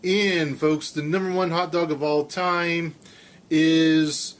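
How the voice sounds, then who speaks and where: A man putting on a famous radio countdown host's voice for a mock countdown, with a drawn-out, announcer-like delivery. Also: on the high side, flat delivery. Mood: showy. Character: adult male countdown radio DJ impression, slow and showy.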